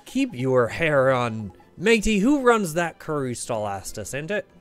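A man's voice: a little high, very animated, a little slow, soft background music. A man voicing a cheeky little male fairy sidekick in a video game, with slangy, chummy banter. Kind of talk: reading game dialogue aloud.

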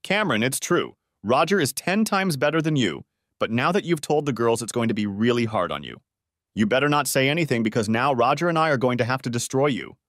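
Male narrator putting on a cold defiant wife, raised and lively, dry close sound. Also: mid-range voice, a little fast, dry recording, lightly acted. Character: cold, disloyal adult wife. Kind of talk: audiobook character voice.

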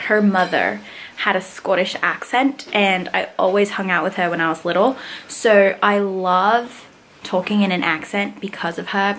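A woman's voice: medium pitch, fairly bright tone, rough recording. Young woman, early twenties, casual vlog talk, chatty, giggly, camera mic, faint background noise. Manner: chatty, laughs often. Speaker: vlogger.

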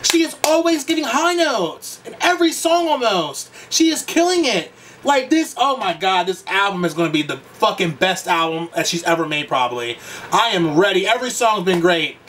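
A man's voice: high-pitched, big pitch swings, moderate pace, recorded from a distance. Gushing, shrieky man reacting to a song. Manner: gushing, campy, profane, shrieking exclamations. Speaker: music reaction youtuber. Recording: loud song playing behind, voice a bit off-mic. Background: pop song playing.

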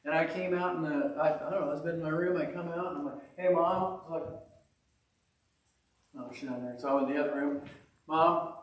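Guy preaching a chatty sermon, kinda high voice, echoey church, sounds a bit far from the mic. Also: brisk, long pauses. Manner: folksy, self-deprecating, animated storyteller. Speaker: pastor. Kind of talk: conversational sermon with storytelling.

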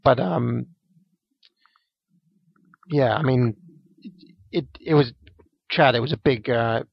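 A man's voice: mid-range voice, slow, creaky, dry recording. A man, casually recapping a wrestling match on a podcast, rambling with lots of ums and restarts. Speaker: podcast co-host. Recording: dull, lo-fi dry podcast mic.

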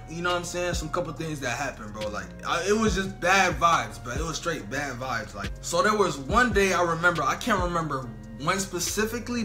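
A young man telling a funny storytime vlog in slangy casual talk, full of "bro" and "you know what I'm saying". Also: on the high side. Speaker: storytelling vlogger.

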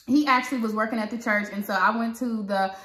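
A woman vlogger with a Southern American accent, chatting and retelling a story with lively quoted dialogue. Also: on the high side, fast talker. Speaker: parenting vlogger. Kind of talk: casual storytelling. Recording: echoey room.

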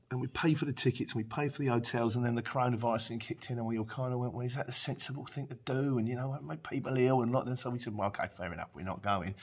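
A man, talking in a loose, rambling way on his vlog. His voice is husky and a bit breathy, and it sits at an ordinary middle pitch. He drifts between stories and viewer comments and laughs as he goes. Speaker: courier driver vlogger. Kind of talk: casual chat. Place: dim room at home.

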